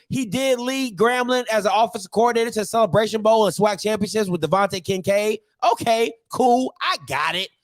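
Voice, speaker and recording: A man hosting a sports commentary show, talking in a joking, animated way and repeating phrases for emphasis. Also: very high voice, heavy background noise. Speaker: show host.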